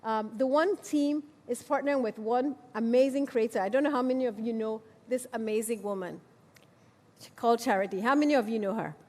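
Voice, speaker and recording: A woman's voice: on the high side, fairly quick, warm tone, long reverb tail. A woman giving a conference speech, persuasive and rallying, with rhetorical questions. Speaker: conference speaker.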